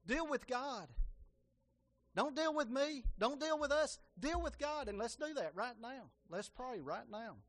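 A man preaching an evangelistic sermon, impassioned, rising and falling with dramatic pauses. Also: sits high.

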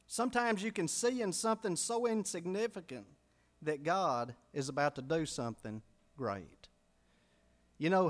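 A man preaching a sermon, building to loud emphatic swells and dropping to quiet asides. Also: high-pitched. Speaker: pastor.

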